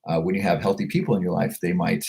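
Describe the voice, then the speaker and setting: Deep-voiced man chatting on a livestream. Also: little pitch movement, fast talker, gravelly, darkish tone. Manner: chatty, repeats and restarts words often; reads viewer comments aloud and answers them. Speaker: livestream host selling a supplement. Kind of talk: casual livestream chat reading comments.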